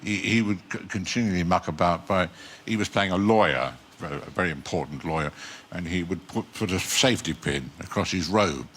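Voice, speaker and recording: Deep-voiced older man, dry deadpan humor. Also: brisk, few pauses, a little hiss or hum. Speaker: actor guest. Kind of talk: talk show interview.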